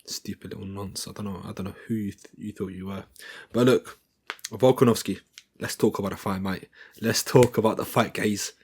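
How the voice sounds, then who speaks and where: Husky young man doing casual fight recaps. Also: fairly low pitch, fairly even intonation, normal speed, a little mellow. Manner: loose, jokey, rambling, slangy.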